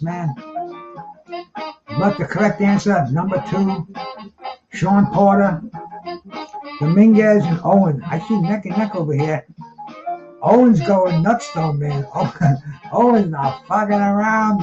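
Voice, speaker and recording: A man in his seventies hosting a live-stream trivia show, talking in a rambling, laid-back way and calling everyone "man". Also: high voice. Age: 70s. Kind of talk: casual live-stream chat. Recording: dull lo-fi sound with live band music. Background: jazz band music.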